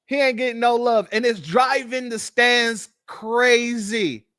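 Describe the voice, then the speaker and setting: An American man hosting a live-stream commentary, sarcastic and animated, calling his viewers family. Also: very high voice, slow, clear, resonant tone, no echo, studio quality. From United States.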